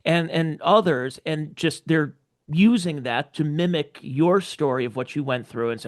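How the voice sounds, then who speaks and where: Man, podcast host, rambling, stammering restarts, slightly high pitch. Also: a little slow. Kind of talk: podcast interview.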